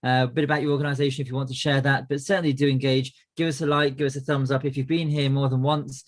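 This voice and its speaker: A middle-aged man presents a business coaching webinar in a mid-range voice, speaking fast with a flat delivery. He comes across as friendly, though his talk is full of "uh" fillers and restarts.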